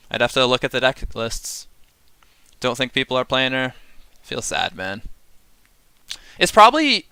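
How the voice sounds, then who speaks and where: A man's voice: medium pitch, sharp tone, clear, resonant tone, no echo. A man giving casual live-stream commentary on a card game set, chatty and sarcastic, often laughing and working himself up into mock rants.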